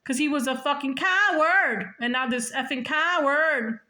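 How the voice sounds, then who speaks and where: A woman speaks in a high voice with a bright, forceful edge, telling her own story for a casual vlog. She is blunt and profane and hammers her points home, often repeating and restarting words. Her delivery stays emphatic throughout. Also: measured pace.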